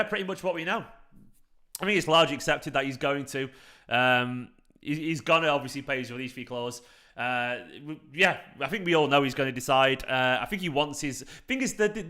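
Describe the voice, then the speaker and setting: Bright-voiced excitable male stream host. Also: on the high side. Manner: chatty, excitable, swears casually. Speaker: football fan channel host reading live chat. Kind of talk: casual live-stream chat.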